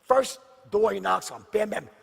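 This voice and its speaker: A man's voice: high-pitched, normal speed, creaky, in a large hall. A man speaking as a motivational speaker, telling a story to a seminar audience and acting out the other people's lines. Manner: animated storyteller acting out quoted voices.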